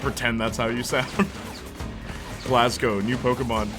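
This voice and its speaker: A man's voice: medium pitch, steady tone, unhurried, a bit bright. A young adult man giving casual, joking let's-play commentary, rambling from one story to the next. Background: game music.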